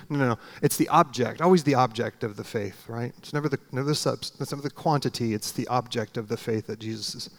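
A preaching man, animated and emphatic. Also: fast, few pauses. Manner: dramatic, acts out prayers and dialogue with swings in pitch and volume. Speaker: pastor. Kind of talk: sermon.

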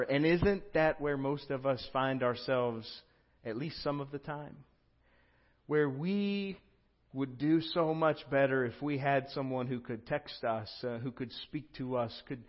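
Slightly high-voiced male pastor preaching. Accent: Southern American. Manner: reads out quoted texts, voice drops soft and slow for tender lines. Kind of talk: sermon. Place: church sanctuary. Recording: dull lo-fi church recording.

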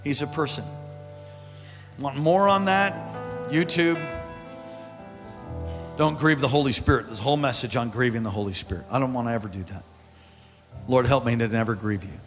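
A male pastor preaching a sermon, calling out to the congregation and swinging from quiet to loud. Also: mid-range voice, fairly quick, long pauses. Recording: hall reverb with faint music.

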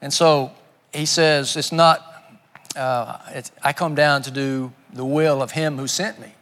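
A man's voice: medium pitch, fairly even intonation, measured pace, a bit bright, in a large hall. A man preaching a sermon, earnest and often repeating words as he searches for his phrasing. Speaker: guest preacher.

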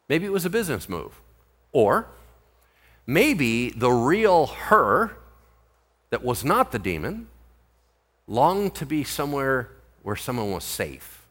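Man, pastor, preaching, bright forceful tone, very lively intonation. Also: on the high side. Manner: animated, full of rhetorical questions. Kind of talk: Bible-teaching sermon.

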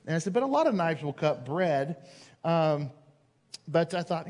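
A male pastor delivers a sermon in a fairly high voice, spinning a personal anecdote and acting out the lines of the people in it. His words ring out with a long reverb, as if from a large church hall. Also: very animated, normal speed, a little mellow. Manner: storytelling, acts out quoted voices, builds to emphasis.

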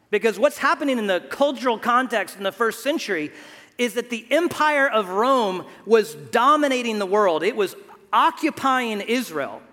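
A male pastor delivers a sermon in an easy, conversational way, often stumbling over the first word of a phrase before pressing on. His voice sits notably high for a man. The sound rings out with the long reverb of a large church sanctuary. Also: pushed and bright. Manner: conversational, repeats words at starts of phrases.

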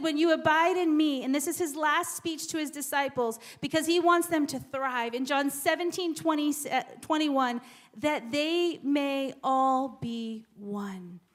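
Woman preacher, high-pitched, delivering a church sermon; stammers into repeats, drops to whispers for emphasis.

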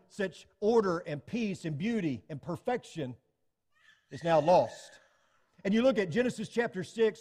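Male preacher, earnest sermon delivery full of rhetorical questions, voice sits high, long reverb around him. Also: darkish tone.

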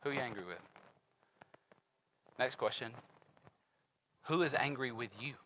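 Male preacher, bright and forceful tone, animated and conversational, acts out story voices. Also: medium pitch, a little slow, slight background noise, low-quality recording. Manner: casual, conversational preaching with fillers. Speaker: pastor. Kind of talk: sermon.

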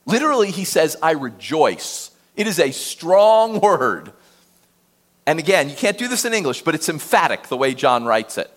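A man preaching a sermon in an animated, emphatic, conversational way, often turning to the listeners with questions. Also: on the high side, moderate pace. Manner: animated, emphatic, conversational with frequent rhetorical asides.

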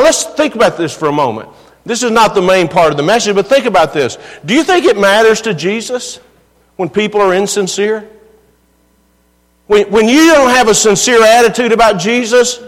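High-voiced pastor preaching in a hall. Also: male voice, fairly bright tone. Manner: earnest preaching with rising emphatic questions. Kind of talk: sermon. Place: church sanctuary.

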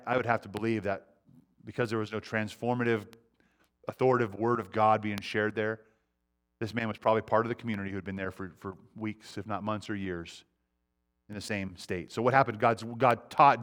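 A man preaching a sermon as pastor, earnest, letting his sentences fall to a quiet hush. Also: lowish voice. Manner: earnest, often dropping to a quiet hush at phrase ends; repeats words as he restarts.

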